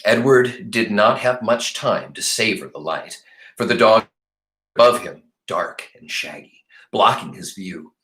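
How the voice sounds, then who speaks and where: A male teacher reading a novel aloud to his class in an expressive, animated way. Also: on the low side, measured pace, echoey room.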